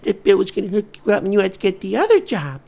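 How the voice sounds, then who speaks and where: A man voicing an exasperated wife in a slow, high, sarcastic voice. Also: very animated, gravelly, dark tone. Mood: skeptical.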